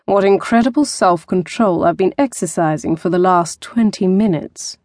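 A woman reading an audiobook voices a teasing young male womanizer, murmuring slowly and softly. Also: no room sound, clean studio sound, lightly acted. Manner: murmuring, slow and low-key. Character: charming teasing young man, a notorious womanizer. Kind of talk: audiobook character voice.

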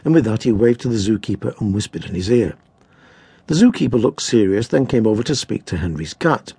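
Male narrator for children's story, expressive, husky, dry close recording. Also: on the low side, brisk, no echo. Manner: gently amused, expressive. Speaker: audiobook narrator.

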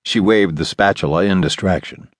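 A man's voice: low voice, moderate pace, no room sound. A man narrating an audiobook in the first person, in a wry storytelling manner. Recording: dry studio booth.

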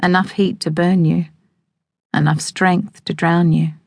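A woman narrating a novel in the first person, measured and evocative. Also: lowish voice, flat delivery, darkish tone, dry recording. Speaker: audiobook narrator. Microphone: close studio microphone. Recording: dry close studio sound.

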